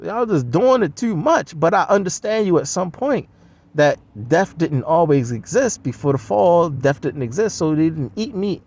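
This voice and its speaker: A high-voiced man with a gravelly, fry-laden edge rants in a blunt, scoffing, profane way. The sound is close and dry, with no room in it. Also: lively intonation, normal speed, a little mellow, dry recording. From United States. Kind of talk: profane solo rant.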